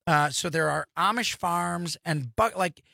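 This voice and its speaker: A man's voice: a little high, measured pace, gravelly, bright, forceful tone, no echo. Male studio radio host, enthusiastic rambler, raised voice. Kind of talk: casual radio chat.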